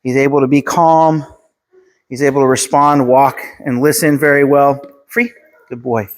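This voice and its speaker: A man working as a dog trainer, calmly explaining his methods and giving short commands and praise to a dog. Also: medium pitch, moderate pace. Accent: Pennsylvania. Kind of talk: instructional dog training video.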